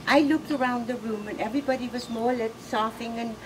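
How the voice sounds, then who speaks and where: A middle-aged woman giving a personal eulogy, halting and emotional, laughing through tears. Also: fairly high pitch, far from the mic. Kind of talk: personal eulogy, casual storytelling. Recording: noisy room ambience.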